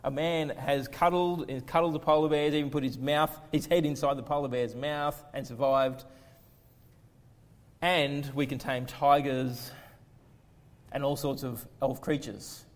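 A man preaching a sermon as pastor, earnest and slowing down to press key words. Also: mid-range voice, fairly even intonation. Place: church. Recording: long reverb of a church hall.

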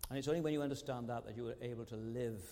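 Earnest preacher in an echoing church. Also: male voice, mid-range voice, rapid-fire, mellow. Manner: earnest, with frequent rhetorical tag questions. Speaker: pastor. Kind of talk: sermon. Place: large church sanctuary. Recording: long church hall reverb.

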